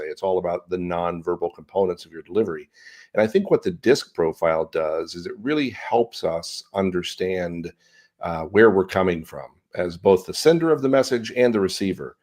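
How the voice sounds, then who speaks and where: A middle-aged man with a very low, deep voice speaks in an animated, expressive way, his inflection moving all over. He is a CEO coach answering questions in a business podcast interview. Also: brisk.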